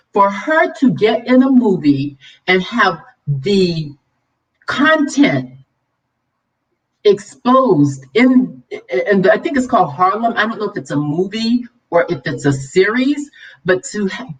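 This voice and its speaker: A woman's voice: medium pitch, very animated, a little slow. A woman hosting a casual livestream, preaching and scolding with conviction, then turning chatty and laughing with her viewers. Her voice sits a little away from the microphone, so it sounds slightly distant. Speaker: vlog host. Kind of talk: livestream commentary.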